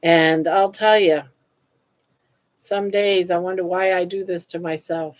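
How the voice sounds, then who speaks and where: Chatty older woman, slow and lo-fi. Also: fairly even intonation. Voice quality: froggy, low-pitched singing voice by her own account. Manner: chatty, laughing often, teasing. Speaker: livestream host. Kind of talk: casual live-stream chat. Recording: dull lo-fi stream audio.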